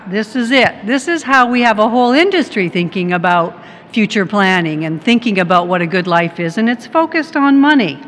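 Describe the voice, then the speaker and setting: A woman's voice: fairly high pitch, fairly bright tone. A middle-aged woman from Canada giving a conference presentation, putting questions to the audience and telling little stories. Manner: poses questions to the audience and tells anecdotes. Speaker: conference presenter, tech company head. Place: large conference hall. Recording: long hall reverb, faint background noise.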